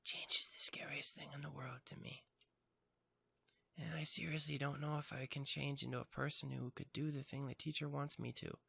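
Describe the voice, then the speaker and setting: A man voicing a soft, spacey young art student girl. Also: medium pitch, animated, normal speed, pauses often, voice pushed down. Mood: whispered. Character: quiet dreamy young female art student.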